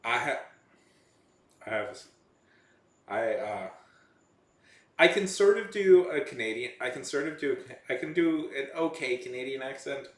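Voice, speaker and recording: Recorded in an echoey room, this male vlogger talks to his audience at a measured pace with lively intonation and medium pitch, pausing often. His speech meanders, full of false starts and self-corrections.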